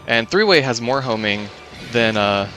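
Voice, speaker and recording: A man's voice: medium pitch, lively intonation, unhurried, pushed and bright, faint music behind. A man giving casual live commentary on his own speedrun, explaining game mechanics with many fillers and restarts.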